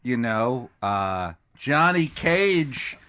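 A man's voice: mid-range voice, sing-song, drawn-out words, bright, forceful tone. A man as a podcast guest, riffing through casual comedic chat and giggling along.

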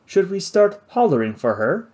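A man's voice: sits high, very animated, normal speed, darkish tone, voice pushed up. A man voicing a friendly, good-natured young male ship's hand with an easygoing manner in an audiobook. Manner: easygoing and cheerful. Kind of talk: audiobook character voice.

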